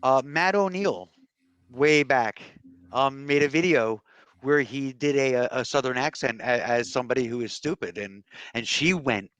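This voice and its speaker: A man's voice: mid-range voice, moderate pace, fairly bright tone, clear, resonant tone, no echo. Rambling man in dry podcast chat. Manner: rambling, many fillers and restarts. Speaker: podcast co-host. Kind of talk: casual panel chat.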